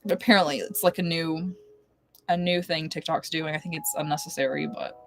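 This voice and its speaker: A woman's voice: low voice, fairly quick, soft background music, rough recording. A young woman chatting casually on a home live stream, rambling between topics and cooing baby talk to her cat. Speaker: livestreamer. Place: home, indoors.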